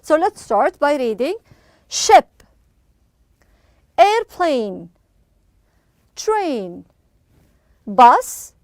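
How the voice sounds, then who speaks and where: A woman teaching English to young children in an online lesson, slow and encouraging, with frequent praise. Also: high voice, dry recording, studio quality.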